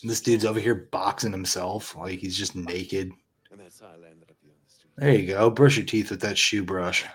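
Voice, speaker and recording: A man's voice: low-pitched, unhurried. A man co-hosting a casual movie commentary, blunt and profane, laughing often. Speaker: podcast co-host.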